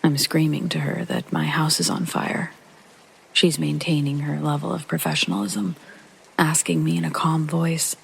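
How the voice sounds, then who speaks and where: A man hosting and narrating a true horror story in a hushed, half-whispered way, with a gravelly, husky and breathy voice. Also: fairly high pitch, moderate pace, slight background noise, rough recording. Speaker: host and narrator.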